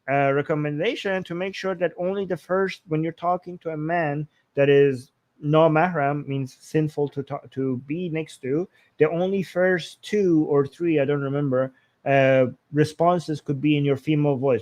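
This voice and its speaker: A man's voice: on the high side, darkish tone. A man from Iran co-hosting a casual live-stream discussion, talking in rambling bursts full of restarts and fillers. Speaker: co-host.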